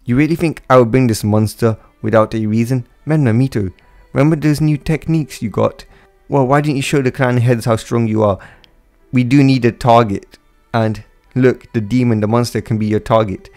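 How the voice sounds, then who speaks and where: A man voicing a cruel, scornful mother who yells insults and commands for a fan storybook reading. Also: mid-range voice, steady tone, moderate pace, soft background music, close to an everyday voice. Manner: yelling insults.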